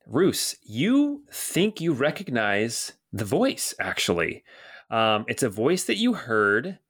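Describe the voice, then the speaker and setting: A man's voice: medium pitch, wildly swooping pitch, takes it slowly, a bit bright, slightly rough. A middle-aged man narrating a tabletop game as game master, casual and rambling with many fillers.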